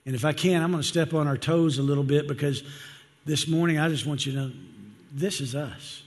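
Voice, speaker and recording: A man's voice: a little high, a little fast. A male pastor giving a sermon in a conversational, earnest way, often asking the congregation questions. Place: church sanctuary. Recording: long church-hall reverb.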